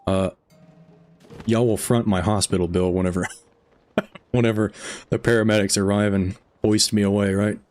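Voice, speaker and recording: Deep voiced guy on a late night game stream, kinda tired, rambly and laughing with chat. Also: level tone, normal speed, long pauses, a little mellow, faint music behind. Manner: rambling, chuckling, chatting with viewers while gaming. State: tired after hours of streaming. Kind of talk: casual live stream chat.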